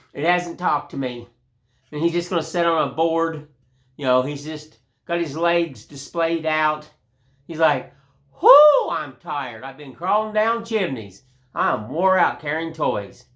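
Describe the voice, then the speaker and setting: A man's voice: fairly high pitch, fairly bright tone. An older man hosting a woodcarving channel, chatting in a rambling, folksy way while he shows his work. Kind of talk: casual tutorial chat.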